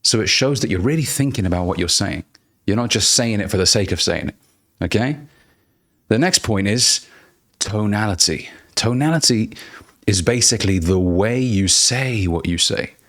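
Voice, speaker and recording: Male speaking coach, lowish voice, emphatic and blunt, teaching to camera. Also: fairly bright tone. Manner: deliberate, emphatic, slows down to stress key words; blunt, casual, occasional swearing. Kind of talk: direct-to-camera coaching lesson.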